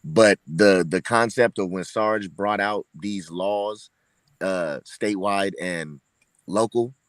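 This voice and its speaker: A man co-hosting a casual chat, speaking haltingly and restarting his sentences. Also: lowish voice, no room sound. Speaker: co-host.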